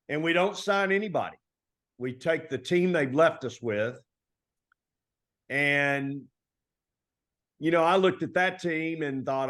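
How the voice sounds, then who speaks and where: A middle-aged man from Texas, a basketball coach telling stories in a relaxed, folksy interview style full of colloquial turns. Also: a little high, takes it slowly, pauses often. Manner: folksy, animated storytelling with Southern colloquialisms. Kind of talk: conversational storytelling interview.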